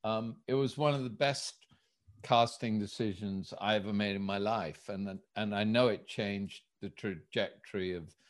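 A man's voice: fairly low pitch, moderate pace. A man recounting casting stories in an interview, acting out the dialogue as he goes. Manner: animated storyteller, acts out dialogue. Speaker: guest, director recalling casting. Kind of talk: anecdotal storytelling in an interview.

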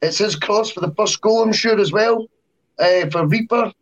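A man's voice: high-pitched, moderate pace, a bit bright, lo-fi sound. A man co-hosting a football podcast in casual chat, agreeable and analytical, weighing up points. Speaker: podcast co-host.

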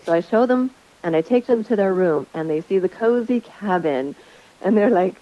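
Lively woman telling a host story. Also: on the low side, fairly quick, lo-fi sound. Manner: animated storyteller, acts out quotes. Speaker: Airbnb host sharing stories. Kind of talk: casual chat.

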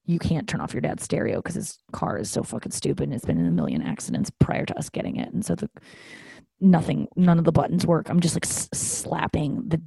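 A young woman talks through a personal story on her podcast, loose and candid, cursing freely and playing out the back-and-forth with her family. Her voice is husky with a gravelly edge and a mellow, dark color. The sound is close and dry. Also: sits low, very animated, fairly quick, no room sound. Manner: chatty, candid and profane, acting out family dialogue. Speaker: podcast host. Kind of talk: casual solo podcast storytelling.

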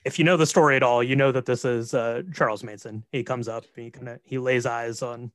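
A man co-hosting a casual film podcast, retelling the plot in a relaxed way with fillers. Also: mid-range voice, brisk, no echo, studio quality. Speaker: podcast co-host. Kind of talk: casual film recap chat.

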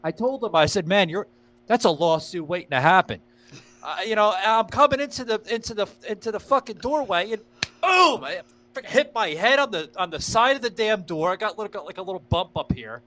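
A man hosting a podcast with a bright, forceful voice that sits a little high. He tells stories in a loose, rambling way, peppered with fillers and swearing. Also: lively intonation, brisk, slight background noise. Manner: rambling, profane storytelling with many fillers. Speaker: podcast host. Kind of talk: casual podcast chat.

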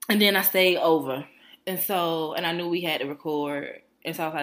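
Low-pitched and brisk, a podcast co-host delivers a rambling, profane story on an easygoing chat show. She's animated and does impressions of the people she's describing.

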